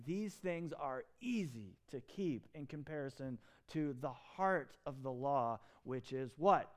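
A man preaching a sermon in an animated, emphatic way, with quick asides and restarts. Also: fairly high pitch. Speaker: pastor.

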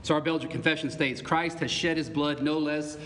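A man preaching a sermon as pastor, animated, with asides and little laughs. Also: fairly high pitch, fairly quick, a little hiss or hum. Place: church sanctuary. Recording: reverberant church hall.

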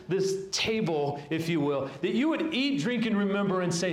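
A pastor delivering a sermon in an earnest, halting way, often restarting phrases. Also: male voice, high-pitched, expressive, echoey room, slight background noise.

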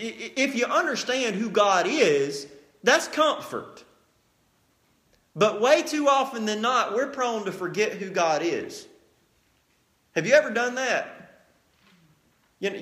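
A man preaching a sermon, telling Bible stories with lively acted-out scenes and plain, folksy asides. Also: high voice. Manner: animated storytelling, acts out scenes.

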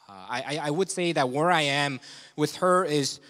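Male pastor, conversational sermon, candid and self-deprecating with frequent chuckles, voice slightly higher than most men's. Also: normal speed, fairly bright tone. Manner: candid and confessional, chuckling often. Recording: long reverb of a large hall.

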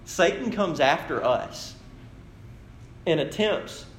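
A man's voice: animated, slow pace, echoey room, slight background noise. A man, a pastor preaching a sermon in a conversational storytelling way. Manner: storytelling, conversational, shifting to low dramatic delivery.

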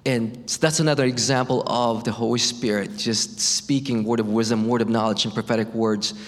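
A middle-aged man giving a personal faith testimony, halting and restarting often as he tells it. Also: mid-range voice, steady tone. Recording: long hall reverb.

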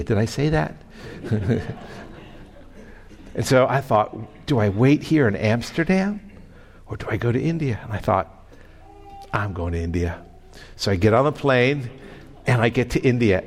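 Pastor preaching in a reverberant church hall. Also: male voice, medium pitch. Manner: animated, stumbles and repeats words while telling the story. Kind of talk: storytelling sermon. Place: church sanctuary. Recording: long reverb of a large hall.

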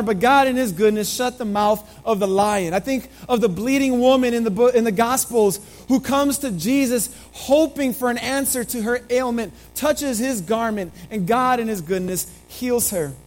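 A middle-aged man preaching a sermon in a church, his voice slightly hoarse, talking earnestly and conversationally with frequent restarts. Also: very high voice, normal speed, hardly any pauses, low-quality recording. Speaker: pastor. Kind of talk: sermon with opening prayer. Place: church sanctuary.

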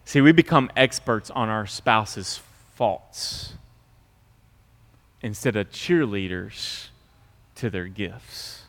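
A middle-aged man preaching a sermon in a church, dropping to quiet asides and rising to loud mocking impressions. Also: on the low side, lively intonation, takes it slowly, long pauses. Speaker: pastor. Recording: long hall reverb.

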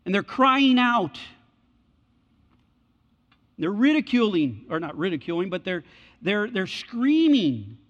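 A man with a high voice preaches in an animated, colloquial way and keeps repeating his points. His voice rings with a long reverb through a large church hall, and the recording sounds dull and lo-fi. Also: slow pace, pauses often. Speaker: pastor. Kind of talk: sermon.

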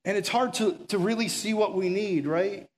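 A man preaching a casual sermon, telling stories and acting out the voices in them. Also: high voice. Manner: casual storytelling, acts out quoted voices, drops to soft and slow near the end.

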